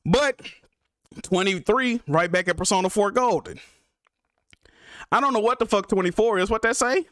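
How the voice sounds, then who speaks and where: A young man streaming live about games, ranting in an exasperated, profane way with big swings between loud outbursts and mutters. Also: high voice, moderate pace, long pauses, dry recording, clean studio sound. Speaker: gaming streamer.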